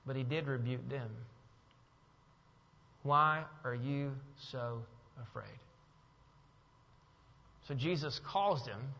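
A man preaching a sermon as pastor, swinging from loud, emphatic bursts to quiet, low passages. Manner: preaching with rising, emphatic bursts and soft drops. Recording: dull sound with long hall reverb.

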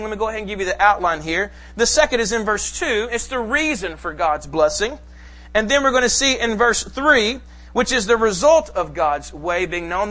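Man, pastor's sermon, high voice, bright tone, emphatic delivery. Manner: emphatic preaching, slows for scripture reading. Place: church sanctuary.

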